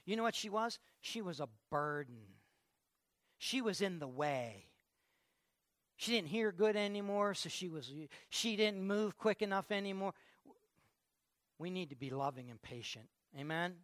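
A man's voice: sits high, animated, unhurried, long pauses, fairly bright tone, no room sound, clean studio sound. A man preaching a sermon in a conversational way, often stopping to repeat his words. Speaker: pastor.

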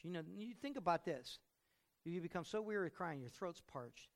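A middle-aged man preaching a sermon as pastor, telling stories with loud outbursts and quiet reflective stretches. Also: on the high side, expressive, moderate pace.

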